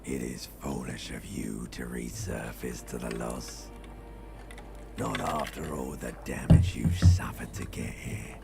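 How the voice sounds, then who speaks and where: A man voicing an ancient, brooding primal brain in a game, coaxing in a slow, gravelly whisper. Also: extremely low pitch, exaggerated voice. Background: ambient game music.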